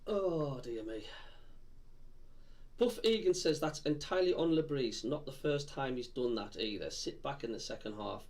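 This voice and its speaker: A man's voice: mid-range voice, expressive, normal speed, a little mellow. A man with a Sunderland (Mackem) accent, streaming live as a football fan, reading out viewer comments in a blunt, frustrated, deflated way with lots of ums. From Sunderland, England.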